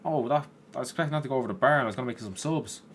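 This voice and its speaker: Racing along in a medium-pitched voice, a man commentates on his own football video game as a gaming YouTuber. He's chatty and foul-mouthed toward the players, his excitement climbing, though he also gets tired and yawns. Slight background noise is audible.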